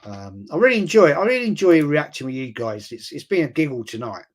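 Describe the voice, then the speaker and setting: A middle-aged man chatting through a live football watch-along stream, rambling and excitable and swearing freely. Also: on the high side, fast.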